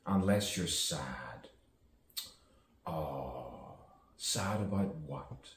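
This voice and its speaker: A man with a very deep voice muses aloud in slow, theatrical spoken word, his pitch rising and falling a lot. He repeats words and chases rhymes. He sits well back from the mic in an echoey room with faint ambience behind him. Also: lively intonation, far from the mic, a little hiss or hum. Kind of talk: improvised spoken-word musing.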